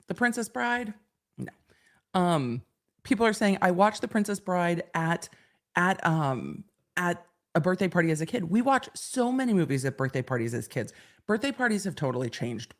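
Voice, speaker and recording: A woman in her forties hosting a casual livestream from home, chatting in a rambling way and laughing easily. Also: sits low. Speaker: livestream host.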